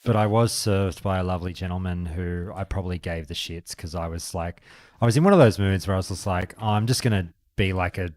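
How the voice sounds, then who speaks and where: Man, low voice, chatty, dry close mic. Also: fairly quick, a little mellow, no echo. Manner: chatty, swearing, acts out anecdotes. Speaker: streamer and podcast host. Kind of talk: casual chat on a game stream. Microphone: desk microphone.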